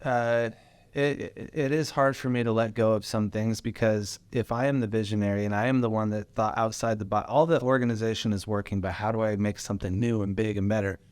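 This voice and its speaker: A man hosting a casual podcast conversation, an animated storyteller who swears freely as he talks about running his business. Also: on the low side, a little fast, clear, resonant tone, no echo. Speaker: podcast host and business owner.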